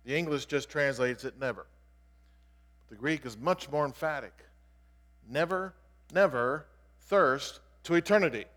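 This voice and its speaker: A man's voice: mid-range voice, fairly bright tone. A man preaching an explanatory sermon in an earnest way, stressing key words as he teaches. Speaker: pastor. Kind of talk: expository sermon. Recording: long reverb of a large hall.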